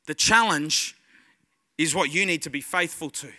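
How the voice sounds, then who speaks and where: A man preaches a sermon in a high, very bright and forceful voice. He tells his story with animated energy and acts out his own panic and delight as he goes. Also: fairly quick. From Australia. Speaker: guest pastor.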